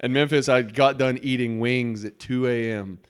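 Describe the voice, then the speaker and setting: A man's voice: medium pitch, fairly even intonation, moderate pace, clean tone. A young man co-hosting a podcast, a playful storyteller in casual chat. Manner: playful storyteller, breaks into mock voices. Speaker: podcast co-host.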